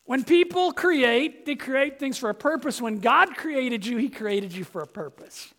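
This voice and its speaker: A male pastor delivers a sermon in an unusually high voice. He takes his time over each phrase, speaking with an unhurried, drawn-out pace. He is emphatic and direct with his congregation and presses his points home with rhetorical questions. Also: lively intonation, pushed and bright.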